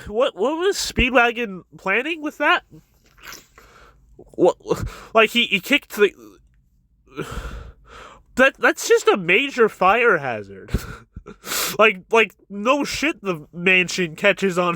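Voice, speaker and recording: A man talks through a chapter in an excitable, casual review, stumbling over repeated words as he goes. His voice is high and bright. The recording is dry and close to the mic. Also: no room sound. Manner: stammering restarts, chuckling, excitable.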